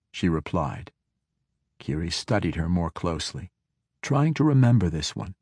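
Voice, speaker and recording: Male audiobook narrator, low register, measured and dramatic, dry booth. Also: big pitch swings, dark tone, husky, no echo. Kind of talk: scripted fantasy narration.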